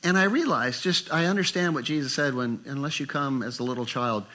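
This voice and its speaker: An older man preaching a sermon, animated and acting out inner voices with rising pitch. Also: fairly quick. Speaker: pastor.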